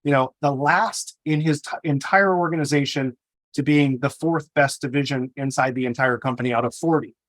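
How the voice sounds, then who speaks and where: A man's voice: medium pitch, normal speed, fairly bright tone, dry recording. A man hosting a podcast, speaking conversationally and reflecting on lessons from past guests. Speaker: podcast host. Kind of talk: conversational interview talk.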